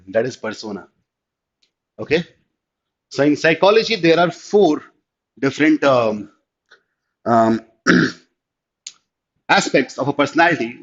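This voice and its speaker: A man with an Indian English accent teaching an online class, explaining step by step and often asking whether it is clear. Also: mid-range voice. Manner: explanatory, checks understanding with repeated "clear?", mixes in Hindi. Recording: slightly dull lo-fi audio.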